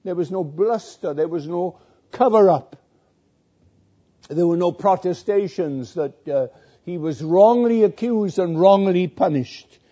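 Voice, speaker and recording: A male preacher delivers a sermon slowly and deliberately, with a very dark, mellow tone. His pitch sits a little high for a man. The recording is dull and lo-fi. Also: breathy edge. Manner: slow, deliberate preaching with repeated phrases and quoted scripture.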